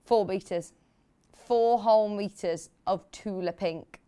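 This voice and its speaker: A woman's voice: mid-range voice, slow pace, dark tone, smooth. Chatty woman presenting on shopping TV. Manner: chatty, enthusiastic, jokey with crew. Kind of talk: live TV sales presentation.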